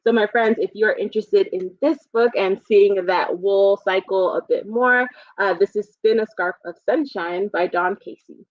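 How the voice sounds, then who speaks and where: A woman librarian leading a live storytime for young children, reading aloud and explaining in a gentle, encouraging way. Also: mid-range voice, moderate pace, hardly any pauses, dry recording, lo-fi sound.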